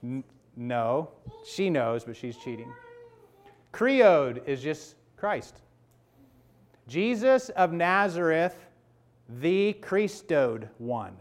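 A man's voice: a little high, very animated, drawn-out words, long pauses. A man in his fifties preaching a sermon to his congregation, conversational and emphatic, checking in with "okay?" and "right?" asides. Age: 50s. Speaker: pastor.

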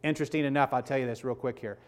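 A man's voice: mid-range voice, steady tone, rapid-fire. A man in his fifties preaching a sermon to his congregation, conversational and emphatic, checking in with "okay?" and "right?" asides. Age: 50s. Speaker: pastor.

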